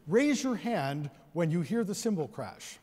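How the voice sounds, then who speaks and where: In a large theater with long reverb, a man presents an educational concert, guiding the audience to count and sing rhythms along with the orchestra. His voice is high-pitched with big swings in pitch, and he speaks a little slowly.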